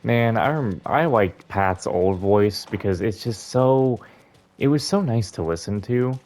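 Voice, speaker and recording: Casting: young man, low voice, casual rambling let's-play commentary. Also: animated, measured pace, a little mellow, soft background music. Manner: chatty, musing, rambling. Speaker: gaming YouTuber.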